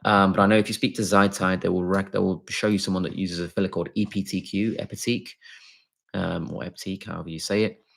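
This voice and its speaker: A man's voice: low voice, level tone, fast, creaky. A man, a doctor, casually answering viewers' chat questions on a live stream, talking with many fillers and restarts.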